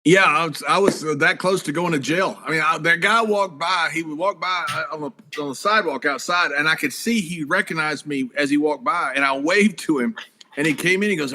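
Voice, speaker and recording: A man telling casual, animated stories in a talk show interview, swearing and acting out the voices of the people in them. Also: fairly high pitch, fairly quick. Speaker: guest, former wrestler and commentator. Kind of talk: casual storytelling.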